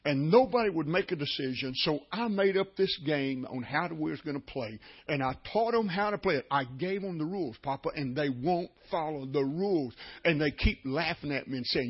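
A man's voice: on the high side, expressive, moderate pace, hardly any pauses, slightly rough. An older man, a pastor preaching a sermon through folksy, repetitive storytelling. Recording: dull lo-fi recording.

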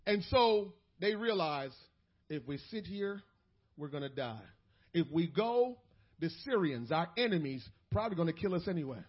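A man preaching a sermon as pastor, dropping to quiet asides and building to shouted peaks. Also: on the high side, lively intonation, moderate pace, muffled recording.

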